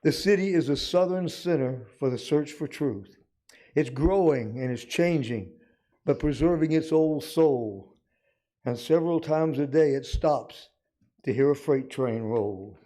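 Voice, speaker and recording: An older man from Arkansas, a retired physician, reading his own rhymed poem aloud at a city council meeting in a measured, deliberate way. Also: a little high, mellow. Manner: measured, deliberate recital with dry humor. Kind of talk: slow rhymed poetry reading.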